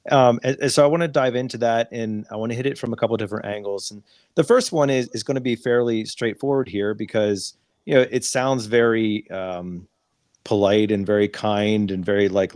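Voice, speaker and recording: A man hosting a podcast, talking through ideas in a measured way as he sets up a question. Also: mid-range voice, no echo, studio quality. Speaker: podcast host. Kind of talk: podcast interviewing.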